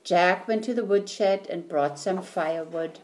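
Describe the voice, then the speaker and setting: A woman reading a children's story aloud, slowly and clearly. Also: lowish voice. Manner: slow, clear, deliberate reading.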